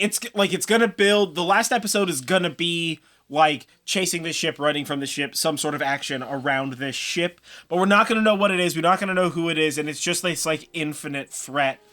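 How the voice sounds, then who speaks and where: A young man co-hosting a casual review show, chatting quickly, laughing and acting out quotes. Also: on the high side, bright, forceful tone. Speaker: podcast co-host.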